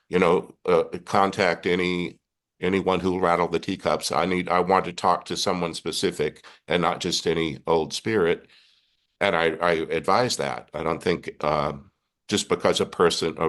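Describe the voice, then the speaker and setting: Brief: older Texan priest, very low voice, earnest storyteller who keeps restarting his sentences. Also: fairly bright tone. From Texas. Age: 60s. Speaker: Catholic priest and guest. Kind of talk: conversational storytelling interview.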